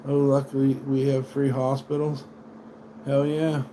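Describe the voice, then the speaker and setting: A man's voice: mid-range voice, monotone, measured pace, mellow, slight background noise. A man from the United States ranting casually on a livestream, swearing often and drifting between sardonic tangents. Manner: profane, rambling, sardonic. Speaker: livestream host. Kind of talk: rambling livestream rant.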